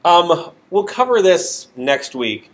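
A man with a high, nasal voice delivers a university programming lecture in a hard-walled classroom, speaking slowly but very animatedly. His informal delivery is full of fillers, self-deprecating asides, and frequent restarts.

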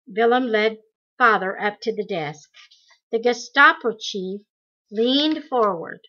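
A woman reading a memoir aloud in slow, deliberate storytelling. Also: medium pitch, animated, highs cut off. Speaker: audiobook reader.

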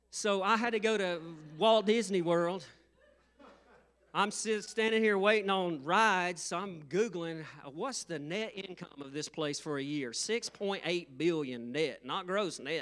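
Middle-aged pastor guy, high clear voice, joking sermon, gets loud and punchy. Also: measured pace. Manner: humorous, laughing often, rising to loud emphatic bursts. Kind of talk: sermon with storytelling. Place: church sanctuary.

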